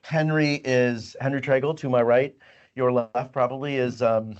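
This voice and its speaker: A man's voice: mid-range voice, steady tone, moderate pace, highs cut off. A middle-aged man, a company head, hosting a casual hot sauce chat and rambling a little as he talks. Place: company office.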